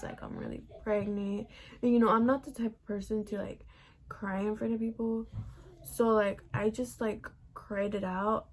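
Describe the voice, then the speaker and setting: Young woman, vocal fry, casual cursing, filler-heavy storytelling. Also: medium pitch. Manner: chatty, profane, heavy use of "like". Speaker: vlogger.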